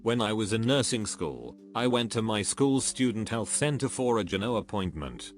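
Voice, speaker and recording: A man narrating a series of reader-submitted stories in a steady, even, scripted reading. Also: on the low side, normal speed. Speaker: narrator reading online posts. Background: faint background music.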